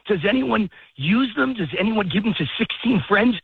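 Gravelly, husky, and high-pitched, this man calls in to a political talk radio interview at a normal speed, sounding animated on a tinny phone line with no room sound. He rants heatedly while panting, out walking his dog in the park.

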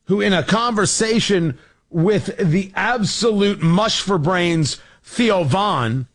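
A talk radio host delivers an impassioned, sarcastic political monologue in a high voice. His pitch leaps and dives all over the place as he presses his points, and he is fiery and cutting throughout. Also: fairly bright tone.

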